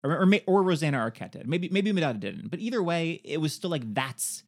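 A man's voice: fairly high pitch, big pitch swings, fairly quick. Chatty male film podcast host. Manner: chatty, quizzes co-host playfully. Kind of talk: casual film chat.

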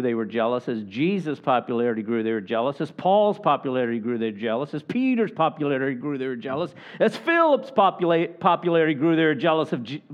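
A man preaching a sermon as pastor, acting out the people he quotes in lively asides. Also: a little high, highs cut off. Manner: animated, acts out the people he quotes.

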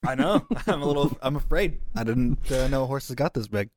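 A man's voice: mid-range voice, normal speed, a little mellow, lightly acted. A man voicing a small, timid adventurer who speaks in a friendly, hesitant way. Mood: nervous. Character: small, timid first-time rider adventurer.

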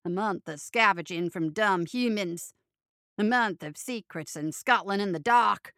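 A woman reading aloud as a gloomy male creature sidekick in a storybook, dropping her voice low and flat with a sardonic edge. Her tone stays crisp and bright, recorded close and dry. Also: a little slow, no echo. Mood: glum, sardonic.

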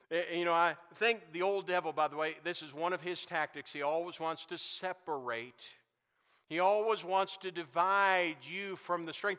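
A man's voice: high voice, pushed and bright. A man preaching a sermon as pastor, building emphasis with repeated phrases. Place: church sanctuary. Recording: long reverb of a large hall.

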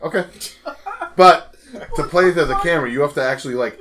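A man co-hosting a podcast, loud and animated, swearing and egging his friends on. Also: a little high, brisk, crowd noise. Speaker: podcast co-host. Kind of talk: crude casual banter.

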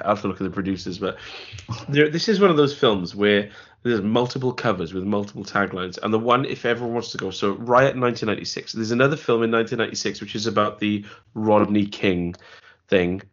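A man talks through a film in a loose, rambling way, full of restarts and dry asides. His voice sits low, and the recording is dull and lo-fi. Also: quick pace. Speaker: podcast co-host. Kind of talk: casual film review chat. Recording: dull lo-fi audio.

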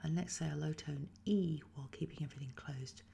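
An English woman guiding a Feldenkrais lesson, speaking slowly and softly with many whispered phrases, her voice tired after a weekend of talking. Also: deep voice, gravelly, slight background noise. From England. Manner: slow, soft-spoken guiding with frequent whispered phrases. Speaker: Feldenkrais teacher. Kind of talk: guided movement lesson.

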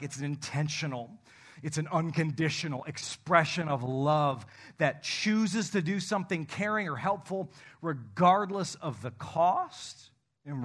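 A pastor in his thirties, from the North Country, preaching with jokes and acted-out little scenes. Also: fairly high pitch. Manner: animated, joking, acts out little scenes. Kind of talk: sermon.

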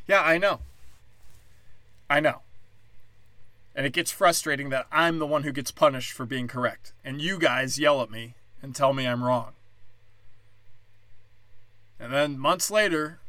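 A man's medium-pitched, pushed and bright voice moves a little slowly with long pauses in a dry recording. On his solo podcast, this stand-up comedian rants with anger, swearing and sarcasm, mocking others through put-on voices.

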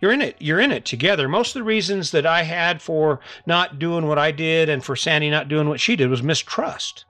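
A middle-aged podcast host delivers a motivational monologue, earnest and coaxing, returning again and again to the same challenge for his listeners. His voice is a little high, pushed and bright, at normal speed with few pauses. There's no echo, just soft background music.

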